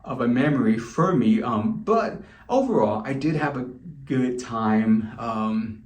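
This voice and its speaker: A man's voice: medium pitch, animated, unhurried, a little mellow. Chatty man telling a story in a roomy space. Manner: candid and chatty, with loose restarts. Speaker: vlogger. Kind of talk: casual storytelling to camera. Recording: roomy echo.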